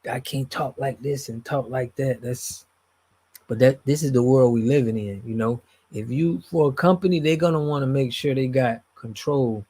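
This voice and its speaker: The host of this live stream has a husky, dark, medium-pitched voice and speaks at normal speed. He reads viewer comments casually in slang, trailing off at the end of phrases.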